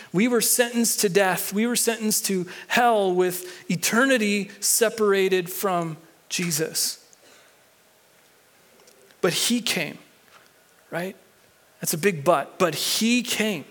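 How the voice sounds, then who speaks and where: A man with a high-pitched voice delivering a sermon as pastor. His talk is loose and conversational, with stumbles, restarts and lines said twice for emphasis. He draws the congregation into reading along and answering back. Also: a bit bright. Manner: leads the congregation in reading and call-and-response.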